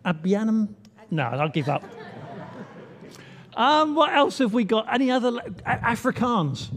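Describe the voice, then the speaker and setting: A man's voice: very high voice, very animated, unhurried, fairly bright tone, some chatter behind. A man, playful and chatty as he draws the congregation in. His voice rings out with a long reverb from a large church hall. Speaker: church leader. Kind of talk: all-age children's talk.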